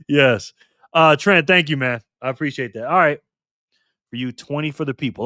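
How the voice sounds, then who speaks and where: A man hosting a casual live stream, reading the chat aloud with excitement and frequent laughter. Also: mid-range voice, normal speed, dry recording, clean studio sound.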